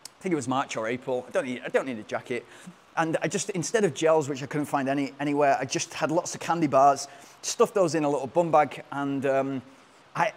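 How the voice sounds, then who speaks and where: A man, a running coach, telling a long travel story in a casual, rambling way, often restarting his sentences. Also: on the high side. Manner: rambling and animated, with frequent restarts.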